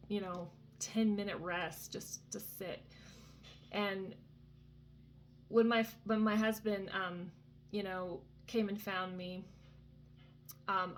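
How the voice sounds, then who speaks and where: A woman in her thirties tells a faith story in a chatty, earnest way, with lots of "um" and "you know." Her voice sits at an ordinary middle pitch. A faint hiss of room noise runs under her. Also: fairly bright tone. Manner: chatty and earnest, many fillers and asides. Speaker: Christian vlogger. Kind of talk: casual faith testimony. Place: vacation cabin indoors.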